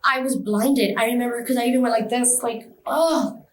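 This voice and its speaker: A woman's voice: fairly high pitch, steady tone, brisk, reverberant, rough recording. A woman telling a personal experience in an interview, emotional and vivid, acting out the voices of others. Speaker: interview guest.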